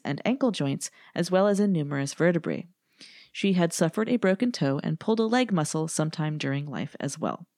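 A woman co-hosting a podcast, explaining in a measured way and reading passages aloud. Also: low-pitched, darkish tone, no echo, clean studio sound. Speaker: podcast co-host. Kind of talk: casual chat and reading quotes.

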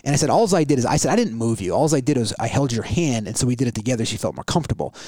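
Fast-talking man telling a story. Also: medium pitch, dry recording. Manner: rambling, animated retelling with many restarts. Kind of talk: casual storytelling.

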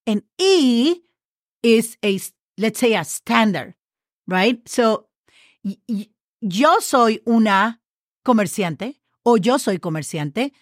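A woman's voice: fairly high pitch, expressive, slow, dry recording, studio quality. A woman teaching a casual Spanish lesson, patiently spelling words letter by letter with example words and asking the listener questions.

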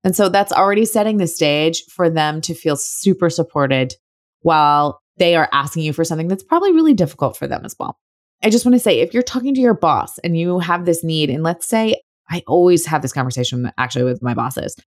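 A woman's voice: low-pitched, lively intonation, fairly quick, dry recording, clean studio sound. A young woman hosting a solo podcast, talking in a chatty, friendly way and breaking into laughs. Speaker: podcast host. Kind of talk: casual solo podcast talk.

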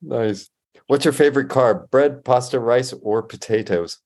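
A man hosting a podcast interview, firing off quick questions and answering with short, easy reactions. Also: medium pitch, darkish tone. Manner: easygoing and affirming, with short reactions. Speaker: podcast host.

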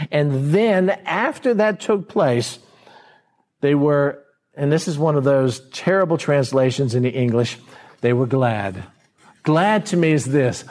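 Male pastor, verse-by-verse sermon, conversational, slightly high-pitched, slows down on key words. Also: a little mellow. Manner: conversational, acts out the scenes in quoted voices.

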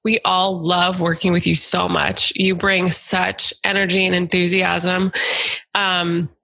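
A woman hosting a podcast, talking casually and warmly, emotional and full of praise for her guest. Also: lowish voice, flat delivery, slow pace, vocal fry, no room sound, poor audio. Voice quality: warm, emotional, effusive. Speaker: podcast host; supervisor. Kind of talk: casual chat.

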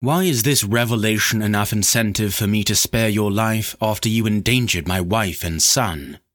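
A guy doing a cold calm demon-winged warrior, quiet and flat, low-ish voice. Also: normal speed, close to an everyday voice.

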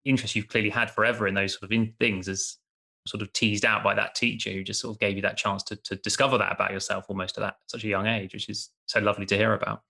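A male podcast host asking long, hedging questions. His voice is gravelly with lots of fry, bright and tense, and he talks fast. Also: on the low side, level tone. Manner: hedging, many fillers like "sort of". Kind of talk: interview hosting.

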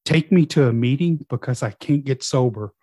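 A man's voice: medium pitch, moderate pace, dry recording. Middle-aged man, storyteller, acts out dialogue, dry close recording. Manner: lively storyteller, acting out quoted dialogue. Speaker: guest in recovery. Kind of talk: personal storytelling.

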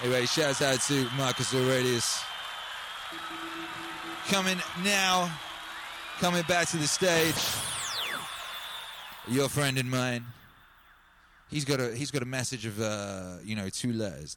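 A man hosting a live music stream, chatting in an excitable, rambling way and breaking into shouts. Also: mid-range voice, unhurried, pauses often, very noisy. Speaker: music livestream host. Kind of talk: hyped live stream chat over music. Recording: music playing loudly behind.

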